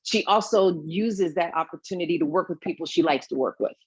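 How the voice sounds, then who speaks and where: A woman from Brooklyn, New York, a guest actress chatting in an interview, telling lively stories and acting out the voices she quotes. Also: lowish voice, brisk, breathy edge, dry recording, lo-fi sound. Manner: animated storyteller, acts out quoted voices. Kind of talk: casual interview chat.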